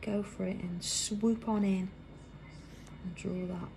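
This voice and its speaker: A British woman hosting a live craft tutorial, chatting as she works and dropping to a soft whisper while she draws. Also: mid-range voice, fairly even intonation, slow, gravelly, slight background noise. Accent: British English. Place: busy indoor craft workroom.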